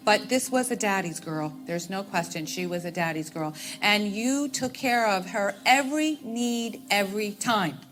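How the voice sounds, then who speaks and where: A woman's voice: medium pitch, animated, normal speed, few pauses, a bit bright, soft background music. Soothing woman doing a stage reading. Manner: soothing, addresses people as honey and sweetheart. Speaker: stage medium. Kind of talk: live audience reading.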